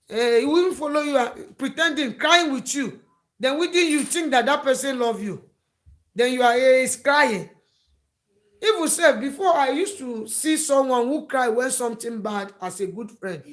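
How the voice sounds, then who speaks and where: A woman's voice: on the high side, normal speed. A woman giving emphatic, repetitive advice to camera and acting out the words of friends. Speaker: advice vlogger. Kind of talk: preachy advice talk to camera.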